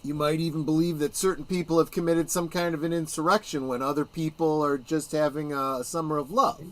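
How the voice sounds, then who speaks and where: A man with a slightly raised pitch hosts a relaxed film commentary stream. He thinks out loud, stopping and restarting his phrases as he goes. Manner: halting, restarts phrases while thinking aloud. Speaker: livestream host. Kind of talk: casual film commentary chat.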